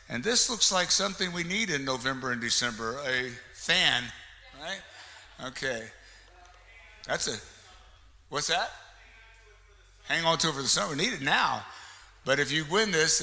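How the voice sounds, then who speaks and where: Pushed and bright, a fairly high male voice fills a reverberant hall, faint noise behind it. He's emceeing a live chamber of commerce meeting, bantering with the audience, awarding door prizes, and introducing a guest.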